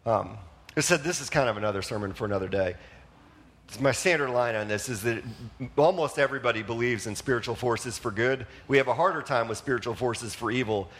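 Brief: male pastor, mid-pitched voice, casual sermon delivery, questions to the congregation. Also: fairly quick, a bit bright. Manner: conversational, asks the congregation questions; frequent fillers like "like" and "you know".

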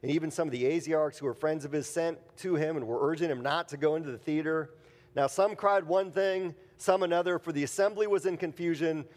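A man's voice: on the high side, a little fast, a little mellow. A man preaching a conversational sermon, mixing scripture reading with jokey everyday stories. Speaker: pastor. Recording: long hall reverb.

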